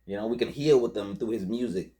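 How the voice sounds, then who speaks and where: A man's voice: on the low side, fairly quick, mellow. A man in his forties hosting a podcast and reviewing a rap album in a laid-back, rambling, emotional way with many fillers.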